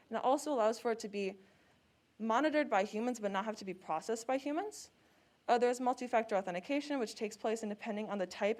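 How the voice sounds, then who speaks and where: A woman's voice: medium pitch, darkish tone. A young woman presenting at a student security conference, speaking casually with frequent fillers. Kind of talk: conference talk.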